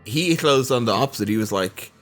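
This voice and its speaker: A man's voice: medium pitch, animated, brisk, faint music behind. An Irish man co-hosting a podcast, talking in a loose, rambling way with lots of quoting. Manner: rambling, hesitant, quotes others a lot. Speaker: podcast co-host. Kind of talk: casual chat.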